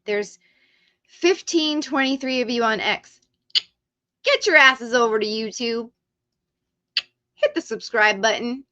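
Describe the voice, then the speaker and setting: A woman running a casual live stream, excitable and talking straight to her viewers in a bright, forceful, slightly high voice. She speaks slowly, and the sound is dry and dull, like lo-fi stream audio. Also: no room sound.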